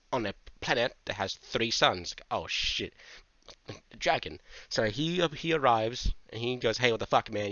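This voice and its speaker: Man, casual manga review, animated, profane, tangents, muffled lo-fi sound, dry. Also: medium pitch, no echo. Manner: animated, swears a lot, goes on tangents. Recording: dull lo-fi dry mic.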